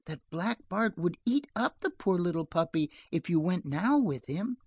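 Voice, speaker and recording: A reader voicing a calm young mother who gently coaxes her child in a soft, restrained voice. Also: mid-range voice, moderate pace, husky, no room sound, voice pushed up. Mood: gentle coaxing.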